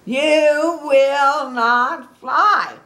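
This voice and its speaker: An older woman voicing a careful, worried elephant boy in a storybook, slow and loud as he insists. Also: on the high side, voice pushed up. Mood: stern.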